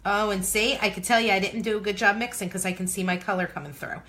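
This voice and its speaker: Bubbly bright-voiced woman crafting. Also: mid-range voice, steady tone, quick pace. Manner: bubbly, exclamatory, talks to viewers while working. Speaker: craft video host. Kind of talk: casual crafting tutorial chat.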